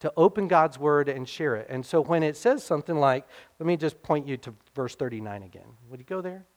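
Man, middle-aged, pastor, sermon, earnest, conversational, slightly high voice. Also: lively intonation, brisk. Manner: earnest, conversational preaching with frequent "okay?" and "right?" checks.

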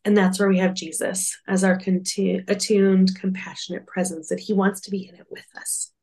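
Casting: mid-pitched woman, earnest and reflective, casual podcast chat, lots of "like". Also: level tone, moderate pace, a little mellow. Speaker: podcast co-host.

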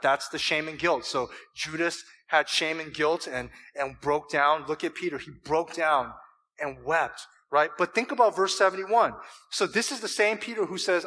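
A man's voice: fairly high pitch, moderate pace, bright, forceful tone. A man preaching a sermon to a church congregation, emphatic and full of rhetorical questions. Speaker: pastor.

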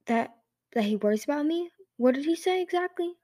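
A woman's voice: sits high, lively intonation, fairly quick, mellow, no room sound, pitched above the performer's own voice. Audiobook voice: a woman doing a lonely, dangerous young female dragon, blunt and bitter, dry close sound. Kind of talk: audiobook reading.

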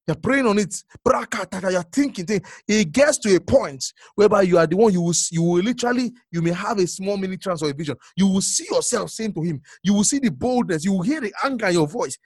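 A male preacher giving a sermon, repeating phrases and swinging from hushed murmurs to sudden loud exclamations. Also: sits high, expressive, fast talker, few pauses, slightly rough, dry recording, studio quality.

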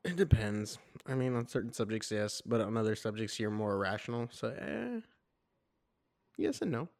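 A man's voice: on the low side, expressive, a little fast, a little mellow, dry recording, clean studio sound. A man co-hosting a casual podcast, talking bluntly and matter-of-factly with a no-nonsense, tough-minded manner. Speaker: podcast co-host. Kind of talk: casual chat.

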